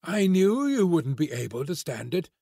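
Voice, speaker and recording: A man's voice: on the high side, very animated, moderate pace, gravelly, dark tone, husky, no echo, clean studio sound, full character voice. A man voicing a stout, kindly young farm woman who turns dreamy and tipsy, with homely rural speech. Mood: scolding.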